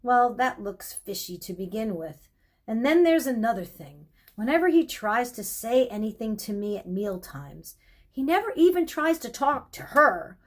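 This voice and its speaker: Storybook boy, agitated and near tears, put on by a woman reader; fairly high voice. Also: sing-song, moderate pace. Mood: wound up. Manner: agitated, tearful outbursts. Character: miserable, excitable young boy.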